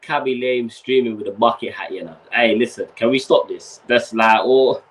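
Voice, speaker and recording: A man's voice: mid-range voice, normal speed, slight background noise. A young man, hosting a casual fan livestream and ranting with slang and swearing while he's overheated. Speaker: fan channel host.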